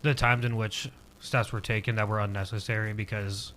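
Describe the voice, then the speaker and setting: Young male podcast guest, low voice, halting casual storyteller. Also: little pitch movement, fairly bright tone, a little hiss or hum. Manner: hesitant storytelling, heavy use of "like" fillers.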